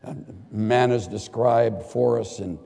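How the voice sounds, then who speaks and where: An older man preaching a sermon in a large hall to students and faculty. He swings from loud, lively bursts to quiet, earnest asides. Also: on the low side, slow, vocal fry. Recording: long hall reverb.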